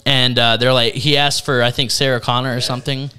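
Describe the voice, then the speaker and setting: A man hosts a loose movie-debate podcast in a bright, forceful voice. He talks in a teasing, insistent way and repeats his words. Faint music sits under the talk. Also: mid-range voice, flat delivery, fairly quick. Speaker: podcast host.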